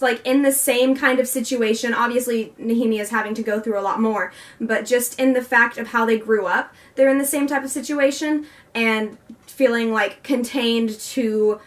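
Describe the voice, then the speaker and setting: A young woman talks through a book review in a chatty, gushing way, rambling and circling back with fillers. Her voice sits a bit high, and she sounds slightly distant from the microphone. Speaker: book vlogger.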